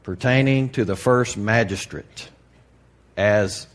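A man preaching to a congregation in a candid, folksy way, dropping to a hush and then rising to loud emphasis. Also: lowish voice, slow. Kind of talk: sermon.

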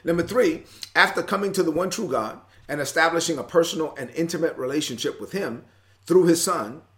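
A man's voice: a little high, brisk, fairly bright tone. A male preacher with a slightly raised voice talks his way through a Bible passage. He keeps it casual and explanatory, full of asides. He grows fervent and exasperated as he speaks the apostle's words. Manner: conversational, acts out Paul's frustration, rising intensity. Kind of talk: sermon teaching from scripture.

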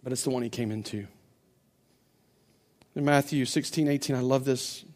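A man preaching a sermon as pastor, building to loud, impassioned stretches and often repeating words as he restarts. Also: medium pitch, steady tone, normal speed. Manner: impassioned preaching that builds to near-shouting climaxes.

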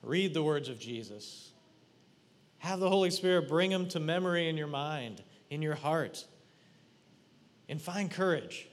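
A man preaching a sermon, leading his congregation through a guided imagining, talking to them directly in an animated, playful way. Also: on the high side, unhurried, long pauses, long reverb tail.

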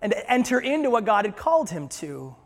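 Animated high-voiced preacher in church. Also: male voice, a little fast, in a large hall. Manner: animated, acts out scripture with voices. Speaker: pastor. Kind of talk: sermon.

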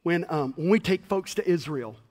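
A man pastor preaching a sermon in a fast, chatty, self-deprecating way with stammered restarts. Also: fairly high pitch, lively intonation, darkish tone, long reverb tail.

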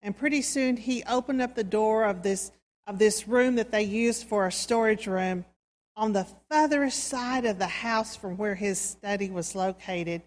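A woman preacher giving a sermon, telling a story in a slow, soft, dramatic way. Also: medium pitch. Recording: reverberant hall.

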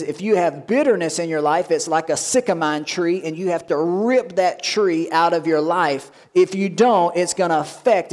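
High-voiced pastor preaching with animation. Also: male voice, darkish tone. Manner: asks the congregation questions. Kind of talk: sermon.

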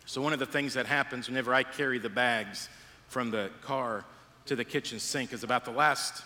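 A man preaches a sermon with a bright, forceful tone, swinging between lively acted-out stories and low, hushed emphasis. His voice carries the long reverb of a large church sanctuary. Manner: animated storytelling, acts out voices, drops low and quiet for emphasis. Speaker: pastor.

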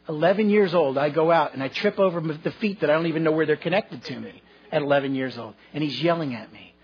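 A man's voice: on the high side, expressive, brisk, husky, lo-fi sound. A man preaching a sermon as pastor, telling folksy stories with self-deprecating humor.

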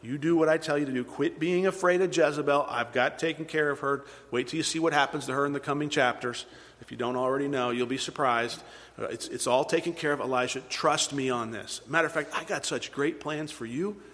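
A man preaching a sermon, moving between loud emphatic peaks and hushed, near-whispered passages. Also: fairly high pitch, brisk. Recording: long hall reverb.

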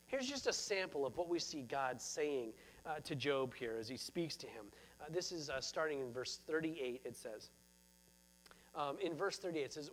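A man's voice: fairly high pitch, lively intonation, normal speed. A man preaching a sermon as pastor, earnest and repeating phrases for emphasis.

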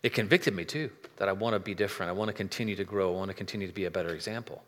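A man's voice: deep voice, rapid-fire, a bit bright. A man preaching a sermon as pastor, earnest and conversational, often restarting his sentences. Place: church sanctuary. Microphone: microphone, switched to a handheld. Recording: long reverb of a large church hall.

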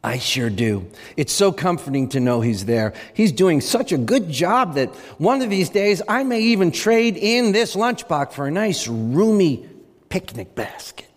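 A man voicing a giggly, excited woman who gushes breathlessly. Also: on the high side, unhurried, long reverb tail, pitched above the performer's own voice. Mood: gushing. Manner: breathy, gushing.

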